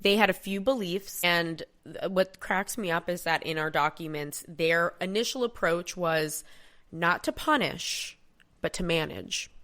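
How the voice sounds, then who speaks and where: A woman's voice: on the low side, a little slow, fairly bright tone. A woman co-hosting a casual history podcast, explaining events steadily and quoting from sources. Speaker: podcast co-host.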